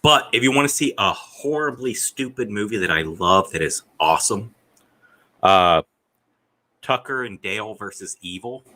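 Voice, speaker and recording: A man chatting as a podcast guest, blunt and crude, swearing a lot with dark humor. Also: lowish voice, lively intonation, normal speed, low-quality recording. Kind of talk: casual chat.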